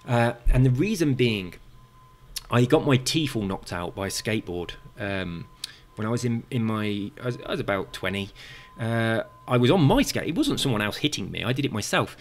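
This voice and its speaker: A man's voice: mid-range voice, expressive, moderate pace. A man with a very slight lisp, chatting casually through viewer comments and drifting into tangents with lots of fillers and restarts. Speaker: gaming video creator reading viewer comments.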